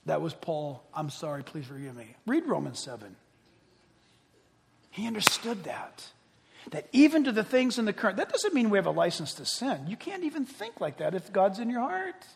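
High pitched guy preaching a lively jokey sermon, big echoey church. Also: moderate pace, vocal fry. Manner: animated, joking, rhetorical questions.

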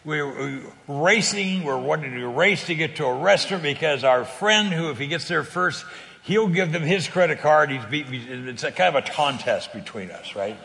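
A man being interviewed, telling a faith story in a lively way, laughing often and acting out the people in it. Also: fairly high pitch, moderate pace, creaky, in a large hall. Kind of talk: animated storytelling in a talk-show interview.

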